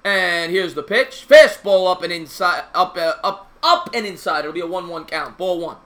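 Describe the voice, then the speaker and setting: A man calling a baseball game play by play on his live stream, chatting with viewers in a casual, slangy, excitable way. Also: high voice, normal speed.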